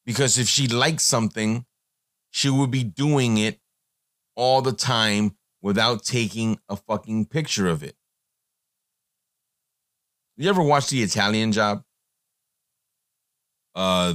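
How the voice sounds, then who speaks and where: A man's voice: fairly low pitch, fairly bright tone, no echo, clean studio sound. A man hosting a podcast, giving a blunt, profane, rambling monologue with many fillers. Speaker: podcast host.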